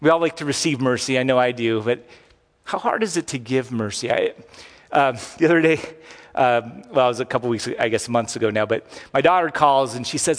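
A man's voice: mid-range voice, expressive, a little fast. A middle-aged man preaching a sermon as pastor, talking conversationally with frequent asides and restarts. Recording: long hall reverb.

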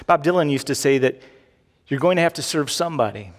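A man's voice: a little high, animated, brisk. A middle-aged man preaching a sermon as pastor, in a chatty way with repeated phrases and frequent "right?" asides. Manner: conversational preaching with tag questions and repeated phrases. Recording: long hall reverb.

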